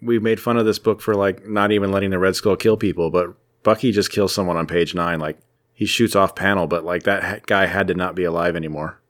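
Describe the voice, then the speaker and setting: A man with a fairly low voice co-hosts a casual podcast. He rambles along with plenty of fillers and restarts and sounds easygoing and enthusiastic. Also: fairly even intonation, fairly quick, fairly bright tone. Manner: chatty and rambling, with frequent fillers. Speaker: podcast co-host. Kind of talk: casual chat about comics.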